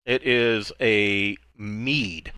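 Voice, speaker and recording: Slow, bright-voiced male game master. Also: lowish voice, fairly even intonation, smooth, no echo. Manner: halting, full of fillers and restarts. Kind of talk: narrating a tabletop game.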